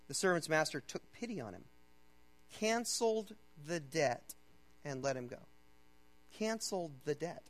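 Preaching casually as if chatting, this pastor repeatedly asks his listeners "okay?" His delivery shifts from forceful, loud reading to soft, hushed pleading, with a sing-song lilt, a slightly slow pace and frequent pauses. The recording sounds poor.

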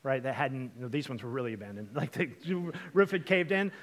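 A young man from Washington state preaching a storytelling sermon, chatty and lively, with lots of fillers and asides to the congregation. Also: medium pitch, normal speed. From Washington state, USA. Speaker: pastor.

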